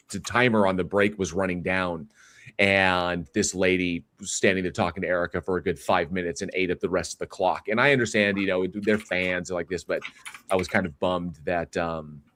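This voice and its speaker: A man's voice: sits low, fairly bright tone, dry recording. A man hosting a livestream, chatting casually in a rambling way, reading viewer comments aloud and often restarting his sentences with fillers. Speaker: livestream host.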